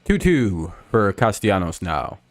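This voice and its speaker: A man hosting a live stream, giving casual play-by-play and rambling, swearing chat between pitches. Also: big pitch swings, a little slow, no room sound. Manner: rambling and profane, with frequent fillers.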